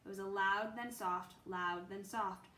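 Woman reading a kids' book, steady storyteller, bright, slightly high, roomy recording. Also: measured pace. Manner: steady storytelling with small slips. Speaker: reader. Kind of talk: children's book read-aloud. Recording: roomy with faint ambience.

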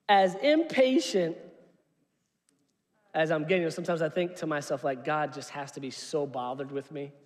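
A male pastor preaching a sermon in a church, telling stories in an animated, humorous way. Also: a little high. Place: church sanctuary. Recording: long reverb of a large hall.

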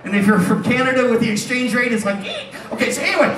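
High-pitched middle-aged guy cracking jokes at the crowd, stage hypnotist, echoey room. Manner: wisecracking, teasing the audience, chuckles often. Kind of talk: comedic stage banter with a live crowd. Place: casino showroom stage. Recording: echoey hall from a distance.

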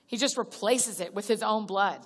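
This woman's voice is medium in pitch with a breathy edge, at a normal speed. She gives a conversational sermon as a guest speaker at a church gathering, chatting directly with the crowd, calling them y'all, restarting sentences and acting out little prayers. Sound echoes with the long reverb of a large church hall.

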